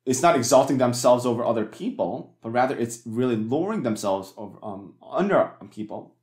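Pastor preaching in an echoey church. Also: male voice, mid-range voice, lively intonation, fairly quick, a little mellow. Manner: conversational, many fillers and restarts, asks the congregation rhetorical questions. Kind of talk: sermon.

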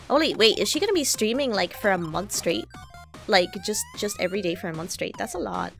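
A young woman streaming a game live, reacting excitably and swearing as she plays. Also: medium pitch, brisk, gravelly, soft background music. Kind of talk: live gameplay commentary.

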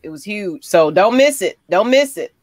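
Playful man with a lively voice. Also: sits high, moderate pace, dry recording, studio quality. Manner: playful, laughing interjections. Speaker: podcast co-host. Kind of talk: casual sports chat.

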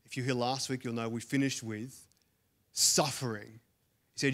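A man's voice: medium pitch, little pitch movement, moderate pace, pauses often, fairly bright tone. Give me an earnest Australian man preaching a sermon. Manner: earnest, building emphasis with repeated phrases, an occasional dry joke. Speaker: pastor. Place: church auditorium with a congregation.

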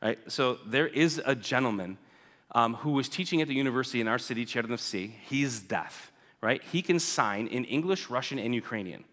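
A man's voice: medium pitch, expressive, brisk, fairly bright tone. A man giving a casual, joking church talk about his mission work, often asking "right?" and acting out what people said. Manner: chatty, keeps asking "right?", acts out quoted people. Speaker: guest speaker reporting on mission work. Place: church sanctuary. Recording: church hall with long reverb.

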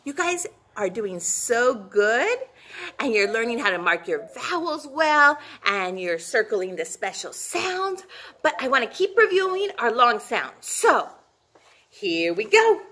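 A woman's voice: a little high, very animated, unhurried, sharp tone. A woman teaching a phonics lesson to young children, cheery and encouraging, drawing out each sound.

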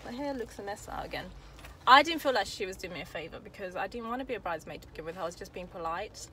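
A woman's voice: mid-range voice, animated, fast talker, sharp tone, a little hiss or hum. Chatty woman telling a story. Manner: chatty, rambling, with restarts and asides. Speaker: vlogger. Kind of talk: casual storytime vlog. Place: in a car.

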